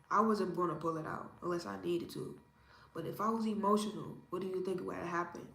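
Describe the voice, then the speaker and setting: A woman in her thirties from Indiana, giving her opinions in a casual interview in a calm, measured, self-assured way. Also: fairly low pitch, a little hiss or hum. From Indiana, USA. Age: 30s. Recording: roomy echo with faint ambience.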